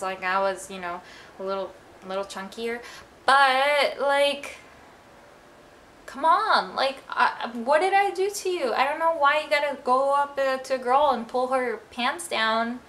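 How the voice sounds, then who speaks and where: A woman's voice: mid-range voice, pushed and bright, a little hiss or hum. A young woman telling a personal story in a casual vlog, chatty and full of fillers. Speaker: vlogger.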